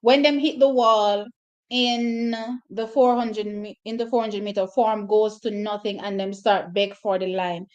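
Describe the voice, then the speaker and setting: A woman's voice: medium pitch, steady tone, a little slow. A woman with a Jamaican accent hosting a casual livestream, chatting and reacting to viewers' comments with lots of restarts. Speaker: livestream host.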